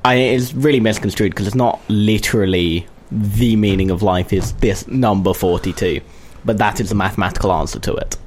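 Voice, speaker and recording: A man's voice: fairly low pitch, normal speed, few pauses, darkish tone, a little hiss or hum. A British man with a lisp, chatting casually and jokily as a radio co-host. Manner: chatty, rambling, jokey. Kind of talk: casual chat.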